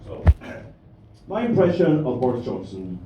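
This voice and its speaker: Rambling crude stand-up comedian, echoey club. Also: male voice, medium pitch, sing-song, moderate pace, dull audio, noisy background. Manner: rambling, crude, bantering with the crowd. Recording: echoey room, mic from a distance.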